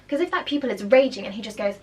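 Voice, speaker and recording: A young primary school teacher chats casually while reacting to a school documentary, explaining teaching techniques with animated asides. Her voice is a little high and rapid-fire.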